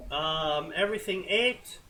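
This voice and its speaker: A man reads fanfiction aloud in a slow, deadpan way and sums up the dull parts with "blah, blah." His voice is slightly high and bright. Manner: deadpan, dismissive, with many "blah, blah". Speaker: co-host reading fanfiction. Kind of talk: comedic reading and commentary.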